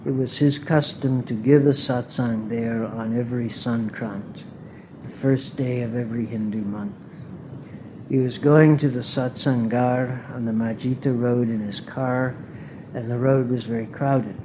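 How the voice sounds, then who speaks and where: A man reading a story aloud in a measured, earnest way at a spiritual gathering. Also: medium pitch, steady tone. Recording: muffled tape with hiss.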